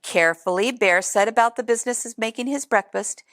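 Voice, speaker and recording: A woman reading a picture book aloud in an expressive way, adding chatty asides to young listeners. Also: on the high side, a little fast, no room sound, clean studio sound. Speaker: storybook reader.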